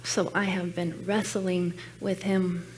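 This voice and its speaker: A woman's voice: fairly low pitch, flat delivery, slow pace, a little hiss or hum. A woman giving a personal sermon message at a church, telling her story in an earnest, reflective way. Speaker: guest speaker at church. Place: church sanctuary.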